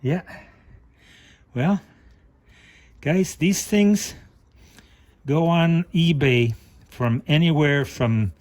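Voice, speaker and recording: A middle-aged man hosting a car repair channel, thinking aloud in an unhurried way while he works on a part at his bench. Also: on the high side, a little mellow. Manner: talks with a flashlight in his mouth at times. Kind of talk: hands-on repair demonstration.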